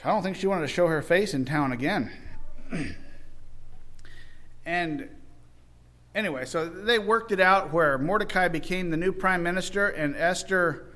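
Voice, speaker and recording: A man with a high voice tells an old story in a loose, folksy way. He talks like he is chatting with friends and keeps jumping into the characters' voices. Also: a little slow, long pauses, bright, forceful tone. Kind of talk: informal Bible story retelling.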